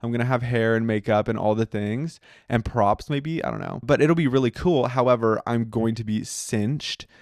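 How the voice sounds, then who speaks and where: A man's voice: medium pitch, normal speed, hardly any pauses, no echo, clean studio sound. A young American man hosting a podcast, talking casually and playfully with many fillers. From United States. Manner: chatty, lots of "like" fillers, playful and giddy. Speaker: podcast host. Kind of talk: casual solo chat.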